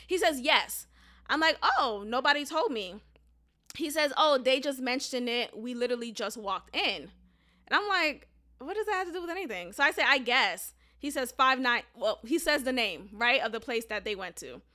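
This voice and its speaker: A young woman hosts her podcast, recounting a story in a casual, unfiltered monologue. Her voice sits high and sounds bright and forceful. She talks candidly and swears freely. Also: animated, normal speed. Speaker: podcast host.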